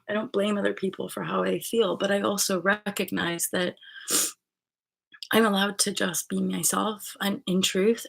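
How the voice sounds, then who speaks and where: A woman's voice: lowish voice, creaky, fairly bright tone, husky. A woman hosting her own channel, talking in a rambling, casual spiritual monologue full of fillers, restarts and swearing. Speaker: channel host.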